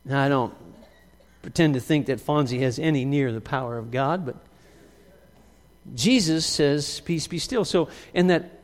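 A man preaching a sermon as pastor, emphatic, swinging from loud outbursts to quiet, drawn-out lines. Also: medium pitch, long reverb tail.

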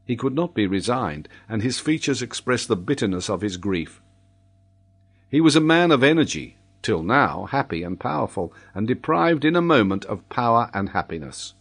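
A man reading a classic novel aloud in scripted narration. His delivery is measured and formal, with an even, mid-pitched voice. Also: husky. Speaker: audiobook narrator.

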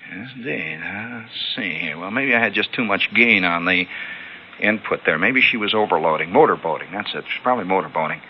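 A man hosting a radio show, telling a long story in an animated way and acting out sounds, heard on a lo-fi old broadcast. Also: low voice, quick pace, slight background noise. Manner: animated, acts out sounds and callouts. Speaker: radio host. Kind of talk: spoken storytelling monologue.

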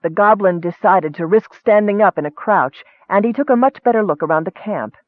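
High-voiced male fantasy narrator. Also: fairly quick, no echo. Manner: steady storytelling, rising for action. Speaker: audiobook narrator. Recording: dry, tinny phone-like sound.

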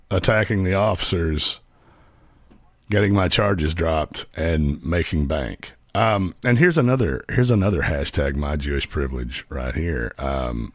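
A man's voice: deep voice, dry recording, clean studio sound. A man hosting a live stream, giving sarcastic, mocking commentary on clips. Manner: mocking, sarcastic, laughs at own jokes. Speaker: host.

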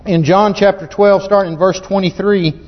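A high-voiced man preaches with folksy fervor, often restarting his sentences. His voice rings through a long reverberant hall, and the recording is dull and muffled. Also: steady tone, moderate pace. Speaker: pastor. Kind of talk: sermon.

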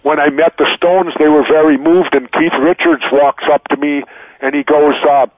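A man in his sixties calls into a show and spins loose stories, often restarting his sentences. His voice sits a little high for a man. It comes over a tinny, dry phone line. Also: flat delivery, normal speed, dry recording. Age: 60s. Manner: loose storytelling with frequent restarts. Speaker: guest. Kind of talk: casual interview over the phone.

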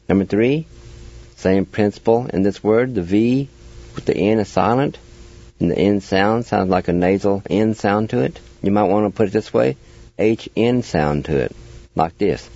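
Brief: male radio language teacher, low and mellow voice, slow patient drills, dull lo-fi sound. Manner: patient, spells letter by letter and repeats words. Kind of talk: slow spelling and pronunciation lesson.

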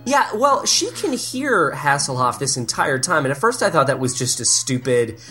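A woman's voice: deep voice, moderate pace, faint music behind. A woman co-hosting a podcast, chatting casually about a film, often laughing and mimicking lines in silly voices. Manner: laughing, animated, mocking quotes in silly voices. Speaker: podcast co-host. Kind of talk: casual chat reviewing a film.

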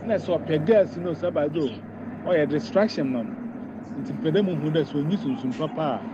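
A man's voice: on the high side, moderate pace. A man with a Ghanaian accent in casual chat, rambling and switching between Twi and English. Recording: dull lo-fi outdoor recording with loud noise.

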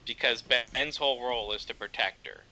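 A man's voice: mid-range voice, brisk, pushed and bright, slight background noise, rough recording. A man in casual chat, blunt and dryly mocking.

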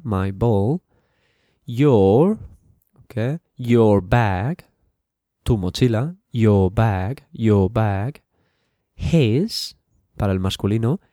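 Casting: male teacher, slow patient drilling, dry close mic. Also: fairly low pitch, warm tone, no room sound. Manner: slow, repetitive drilling, switching to Spanish translations. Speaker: English teacher. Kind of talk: bilingual English lesson podcast.

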